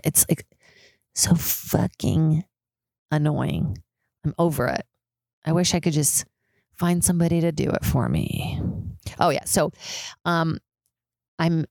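A young woman with a low, gravelly voice talks through a casual solo podcast. She rambles, swears freely and fills her sentences with "like", and her voice sits close and dry on the mic. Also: darkish tone, no room sound. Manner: rambling, profane, frequent "like" fillers. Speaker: podcast host. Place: high-rise apartment with street sirens outside.

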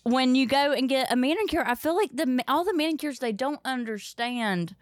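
A woman's voice: high voice, brisk, dry recording. A young woman telling funny stories on a podcast, acting out the other people's lines. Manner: animated storyteller, acts out quotes, laughs often. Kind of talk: casual storytelling chat.

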